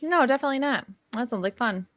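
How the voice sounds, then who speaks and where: A woman's voice: high voice, animated, fast talker, fairly bright tone, no room sound. A woman hosting a casual livestream, chatting and laughing while she reads comments from viewers. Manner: chatty, laughs often, reads chat aloud. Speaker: livestream host.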